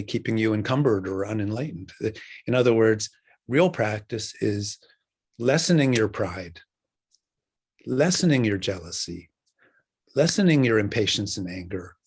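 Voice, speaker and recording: An older man voicing a calm old lama master in a story he tells, patient and gently insistent. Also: on the low side, breathy edge, full character voice.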